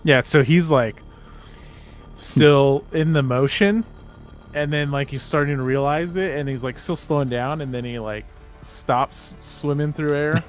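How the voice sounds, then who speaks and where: A man's voice: fairly high pitch, unhurried, faint music behind. A man playing a tabletop role-playing game, describing what his character does in a hesitant way full of "like". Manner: hesitant, peppered with "like". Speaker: player.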